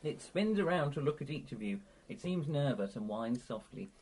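A man's voice: medium pitch, animated, normal speed, darkish tone, husky, low-quality recording. A man running a tabletop role-playing game as game master, narrating scenes and reading out messages. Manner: reads scene narration and character messages, laughing often.

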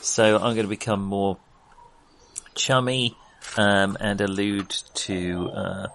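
A man's voice: fairly low pitch, flat delivery, slow pace, creaky, fairly bright tone, slight background noise. A man playing a tabletop game, wry and self-mocking in his joking. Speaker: player. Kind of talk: casual tabletop game play.

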